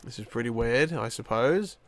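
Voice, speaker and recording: A young man giving rambling, tired let's-play commentary, with many fillers and sudden excited outbursts. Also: medium pitch, moderate pace. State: tired, yawning. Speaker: gaming YouTuber.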